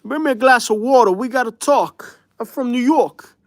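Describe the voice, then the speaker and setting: A man's voice: very high voice, normal speed, dry recording, studio quality, voice pushed up. A man voicing a brash, mob-connected male New Yorker with a pushed-up, exaggerated street-tough drawl. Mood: boastful.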